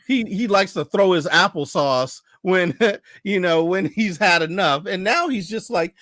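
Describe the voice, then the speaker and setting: A man hosting a podcast, chatting casually and telling stories with animated voices. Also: sits high, measured pace, no room sound, studio quality. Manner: animated storyteller, acts out voices. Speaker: podcast host. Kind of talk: casual conversation.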